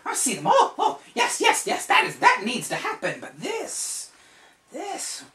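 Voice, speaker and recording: A woman voicing an excitable male sprite wizard who jitters and repeats his words. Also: extremely high pitch, a little slow, crowd noise, pitched above the performer's own voice, heavily acted. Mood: excited. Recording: echoey room, distant mic, faint hiss.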